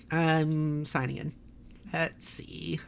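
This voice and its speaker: A woman's voice: low-pitched, gravelly. A woman streamer in a casual livestream chat, ranting in an exasperated way, swearing and laughing often.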